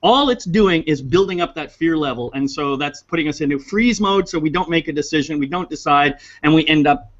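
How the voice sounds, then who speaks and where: A man's voice: on the high side, a little fast. A man co-hosting a casual conversation, speaking in an earnest, reflective way and laughing easily. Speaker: co-host. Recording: dull lo-fi sound.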